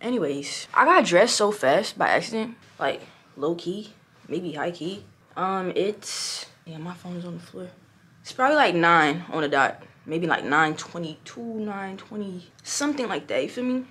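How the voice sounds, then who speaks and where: A hoarse young woman vlogging casually in a hotel room, rambling loosely and swearing now and then. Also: fairly low pitch, expressive, moderate pace, a bit bright. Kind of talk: casual vlog chat. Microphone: small clip-on mic.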